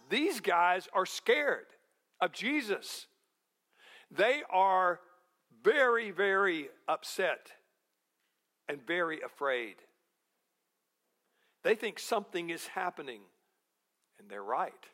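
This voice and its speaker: Male pastor with a high voice, unhurried sermon delivery, leans on rhetorical questions. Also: sing-song, sharp tone. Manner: slow, deliberate preaching with rhetorical questions.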